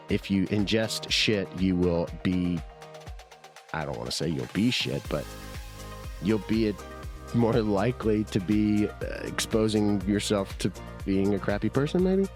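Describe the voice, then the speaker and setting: Deep-voiced man with a sore throat. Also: darkish tone. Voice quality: husky from illness. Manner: rambling, chatty, self-deprecating. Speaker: podcast host. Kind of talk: casual solo podcast monologue.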